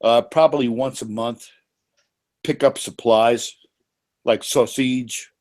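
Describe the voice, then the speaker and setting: Profane New man, animated. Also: medium pitch, slow. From New York. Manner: animated, profane, frequent restarts. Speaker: panelist. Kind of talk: casual chat.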